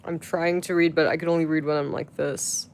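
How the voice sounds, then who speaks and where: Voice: mid-range voice, level tone, a little fast, slight background noise. A live streamer chatting casually to viewers, rambling with many fillers and restarts, swearing freely. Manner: crude, profane outbursts at chat.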